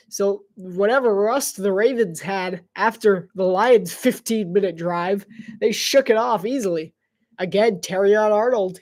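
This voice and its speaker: A woman with a nasal voice giving casual live play-by-play commentary, jokey and laughing often, loud on big plays. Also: medium pitch. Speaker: sports commentator.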